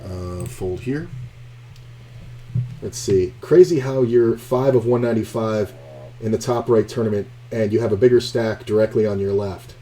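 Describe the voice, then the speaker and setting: A man's voice: on the low side, normal speed, a little hiss or hum. A man streaming online poker, chatting casually, telling a story and cursing at opponents on screen. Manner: profane, animated storyteller, trash-talking at the screen.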